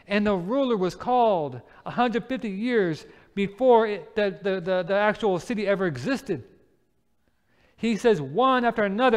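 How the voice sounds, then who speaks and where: A man with a fairly high, smooth and resonant voice delivers a sermon in an animated storytelling way. He acts out everyday scenes and keeps asking his listeners questions. His voice rings out with the long reverb of a church hall. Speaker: presenter of a church Bible series. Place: church sanctuary.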